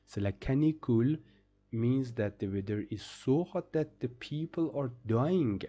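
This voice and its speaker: Male language teacher, slow patient delivery, mellow tone, slightly dull lo-fi recording. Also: medium pitch, animated. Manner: repeats each phrase, then translates it patiently. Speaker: French teacher. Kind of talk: beginner vocabulary lesson.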